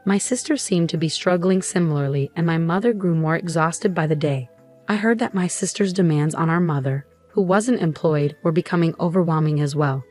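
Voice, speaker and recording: A woman narrating a personal drama story in the first person, in an even, steady way. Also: low voice, a little fast, soft background music.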